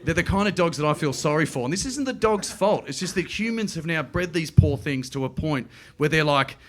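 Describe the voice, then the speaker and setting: A middle-aged man with an Australian accent doing a stand-up comedy routine, telling stories quickly and slipping into playful voices. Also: on the high side. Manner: animated, quick storytelling with playful put-on voices. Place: comedy club stage.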